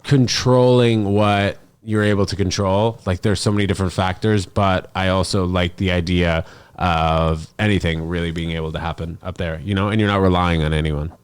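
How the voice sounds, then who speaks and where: A man's voice: deep voice, steady tone, normal speed, smooth. A young man hosting a podcast, telling stories in a rambling, casual way with lots of fillers and acted-out quotes. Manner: rambling, filler-heavy storytelling with voiced-up quotes. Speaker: podcast host.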